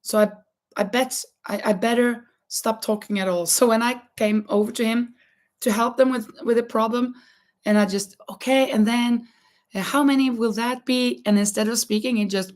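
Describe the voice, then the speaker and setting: Norwegian-native woman host, casual crochet chat, halting and full of laughter, mid-range voice. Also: mid-range voice, darkish tone. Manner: halting, many restarts and frequent laughter. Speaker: livestream host and schoolteacher.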